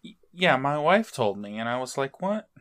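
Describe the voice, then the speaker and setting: A man's voice: mid-range voice, expressive, normal speed, a bit bright. A man co-hosting a podcast, chatting casually and making dry, joking remarks about a TV episode. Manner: dry quips, short joking comments. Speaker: podcast co-host. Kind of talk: casual chat recapping a TV episode.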